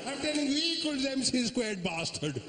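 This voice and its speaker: A man's voice: sing-song, moderate pace, crowd noise. A man putting on an older Indian uncle with an Indian English accent, barking insults over and over. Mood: angry. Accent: Indian English, put on. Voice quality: high, barking, repeats insults. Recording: echoey live venue, loud room noise.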